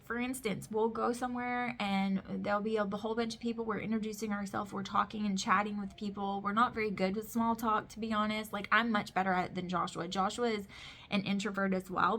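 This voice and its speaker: A woman's voice: mid-range voice, a bit bright. A woman in her thirties chatting casually to camera about her life, emphatic and storytelling, with lots of "like". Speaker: vlogger, mother of boys. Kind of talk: casual talking-to-camera chat.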